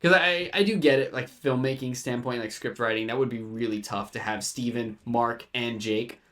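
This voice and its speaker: Guy on a podcast, medium pitch, lively, does little impressions. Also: moderate pace. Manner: animated, acts out lines with voices. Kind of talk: casual chat.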